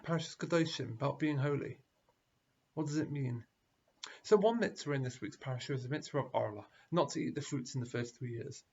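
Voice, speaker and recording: A man giving a sermon as a rabbi, telling a story in an animated way, in a dull lo-fi recording. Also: mid-range voice, breathy edge.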